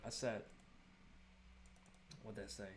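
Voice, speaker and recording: A man's voice: lowish voice, level tone, slow pace, a little hiss or hum. A young man venting about being swindled while he plays a game, in casual, exasperated commentary. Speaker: gaming streamer.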